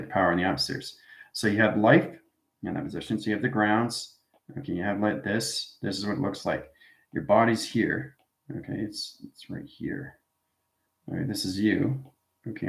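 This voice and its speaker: Low-voiced man rambling through a spiritual class. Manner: rambling, tags statements with "right?". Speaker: spiritual teacher. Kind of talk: informal spiritual class talk. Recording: roomy echoey room.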